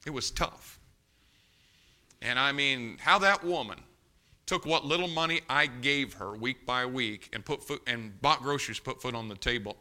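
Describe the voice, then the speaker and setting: An older man preaching a sermon as pastor, telling homey stories and building to loud, emphatic appeals. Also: mid-range voice. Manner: folksy storytelling, rising to loud emphatic preaching.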